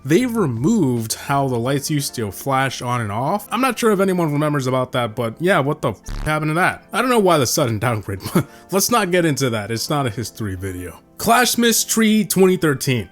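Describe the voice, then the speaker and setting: A man's voice: mid-range voice, big pitch swings, a little fast, faint music behind. A man giving casual, joking tier-list commentary as a gaming video creator, swearing now and then.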